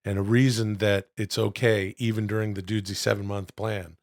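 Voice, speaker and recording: A middle-aged man co-hosting a podcast, telling loud, profane stories with bursts of excitement. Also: lowish voice, fairly quick, no room sound, clean studio sound. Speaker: podcast co-host. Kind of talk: casual podcast chat.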